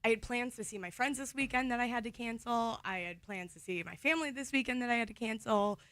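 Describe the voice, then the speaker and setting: A woman's voice: fairly high pitch, quick pace, fairly bright tone, no echo. A young woman from the Toledo area, co-hosting a morning radio show in casual chat, getting emotional and laughing through tears. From Toledo, Ohio area. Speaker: radio co-host. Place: radio studio. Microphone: studio microphone.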